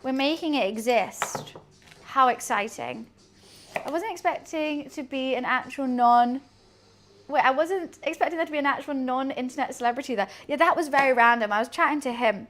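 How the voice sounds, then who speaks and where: A young woman streaming and chatting casually, telling a story with quick asides and frequent laughs. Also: sits high, fairly bright tone. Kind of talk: casual chat to a stream audience.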